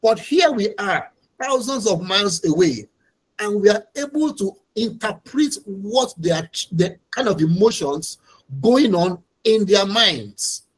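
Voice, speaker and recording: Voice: mid-range voice, lively intonation, measured pace, slightly rough, rough recording. An instructor, giving an online training lecture over a video call in a patient, explanatory way and repeating key points.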